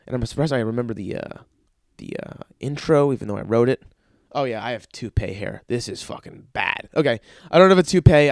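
A man's voice: medium pitch, no room sound. A young man riffs through a casual solo podcast, wry and rambling, swearing freely. His voice sits in an ordinary middle range and sounds dry and close to the mic. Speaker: podcast host.

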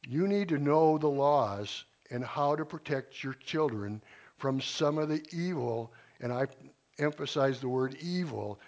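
A retired teacher in his sixties giving an informal church talk, earnest and rambling, with frequent restarts. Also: medium pitch. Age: 60s.

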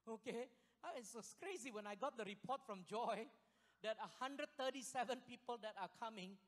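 A man preaching a sermon as pastor, excitable and animated, breaking into loud bursts and laughing, a little out of breath. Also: high voice. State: sweating, short of breath at times. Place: church hall. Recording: long hall reverb.

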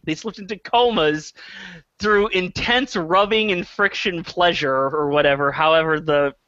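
A man's voice: sits high, bright, forceful tone, dry recording, lo-fi sound. A man co-hosting a podcast, recapping a film in a rambling, casual way full of fillers. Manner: rambling, filler-heavy retelling with chuckles. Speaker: podcast co-host. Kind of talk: casual comedic movie review.

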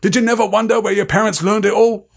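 A man voicing a huge, gruff, indignant male giant gamekeeper while reading a story aloud. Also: fairly even intonation, fast, exaggerated voice. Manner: booming, indignant.

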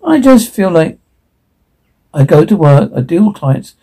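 A woman's voice: on the low side, sing-song, measured pace, mellow. An actress playing a candid, wry single mother in a drama. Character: tired young single mother, devoted. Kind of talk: dramatic film acting.

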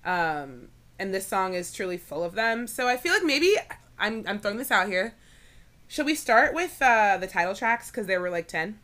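A woman's voice: mid-range voice, sing-song, moderate pace, fairly bright tone. A woman in her twenties co-hosting a podcast, chatting casually with frequent fillers and giggles. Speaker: podcast co-host. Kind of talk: casual chat.

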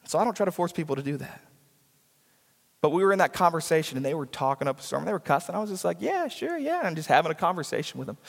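Rapid-fire and gravelly, a man with a voice on the high side preaches from a church sanctuary amid hall reverb. He repeats lines to press his points and performs the voices of those he quotes.

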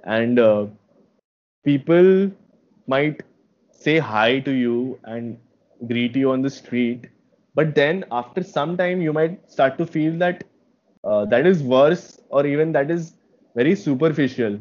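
A young man from India co-hosting a podcast, telling his stories in a relaxed, reflective casual chat. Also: mid-range voice, slow pace. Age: young adult. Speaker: podcast co-host. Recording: dull lo-fi sound.

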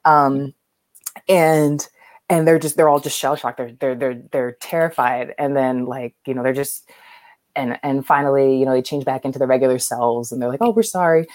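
Low-voiced woman chatting about a movie. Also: flat delivery, normal speed, darkish tone, no echo. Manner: rambling, many fillers and restarts, laughs often. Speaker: podcast co-host. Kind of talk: casual movie chat.

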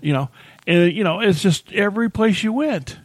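A man with a somewhat high voice co-hosts a podcast in a loose, rambling chat. His anecdotes spill out casually. The sound is close and dry. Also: moderate pace, dry recording. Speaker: podcast co-host.

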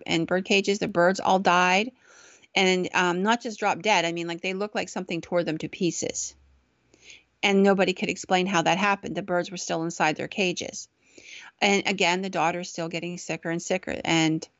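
A woman's voice: on the low side, fairly bright tone, dry recording. A woman podcast host casually telling a ghost story in a chatty, conversational way, on a dull, dry recording.

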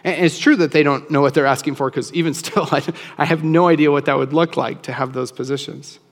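A man preaching a sermon in a relaxed, conversational way, often acting out quoted voices. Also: a little high, brisk, in a large hall. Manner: casual, animated, acts out quoted voices. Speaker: pastor.

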